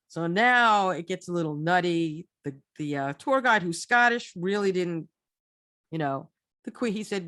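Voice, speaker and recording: A woman's voice: fairly low pitch, animated, normal speed, a bit bright, dry recording, clean studio sound. A woman telling a casual travel story, chatty and rambling, restarting her phrases often. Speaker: storyteller recounting a trip.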